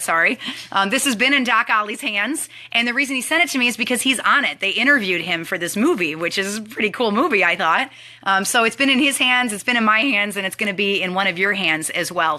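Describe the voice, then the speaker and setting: Chatty bright-voiced woman hosting a live stream. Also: mid-range voice. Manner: chatty and animated, talks to viewers. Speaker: network marketing trainer hosting a live team training. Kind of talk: casual live-stream chat.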